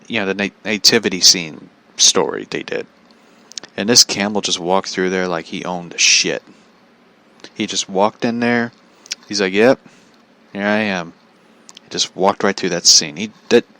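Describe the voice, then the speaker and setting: A man hosting a podcast in a casual chat, rambling and halting, with many "like" fillers and chuckles. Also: lowish voice, pushed and bright. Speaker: podcast host.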